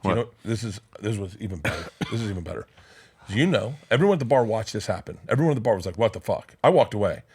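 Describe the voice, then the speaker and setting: A man's voice: lowish voice, animated, darkish tone, slightly rough. A man in his fifties telling a rowdy, profane story in a podcast chat, acting out the people in it. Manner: rapid, profane, acts out voices in his stories. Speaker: podcast guest comedian.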